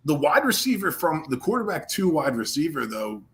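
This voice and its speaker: Relaxed man in joking football banter. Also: on the high side, brisk. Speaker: guest co-host. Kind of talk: casual football chat.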